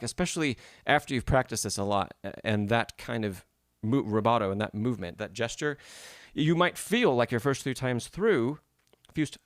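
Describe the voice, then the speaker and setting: A medium-pitched male voice comes through clean studio sound with no echo. During a live-streamed piano masterclass, he patiently explains phrasing to his student, punctuating it with frequent "right?" and "yes?" check-ins.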